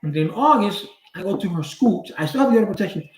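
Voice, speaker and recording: Animated high-voiced New storyteller. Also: male voice, racing, reverberant, rough recording. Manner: animated, acts out quoted dialogue with big pitch jumps; blunt street slang and profanity. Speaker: channel host. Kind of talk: casual storytelling.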